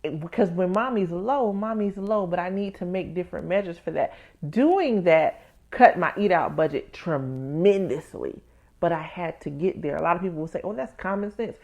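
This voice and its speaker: A woman's voice: on the low side, moderate pace, a little mellow, dull audio. A woman hosting her own podcast as a tax professional. She talks candidly to listeners, calling them "baby" and "y'all," and acts out her own inner voices as she tells a story. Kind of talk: casual personal podcast talk.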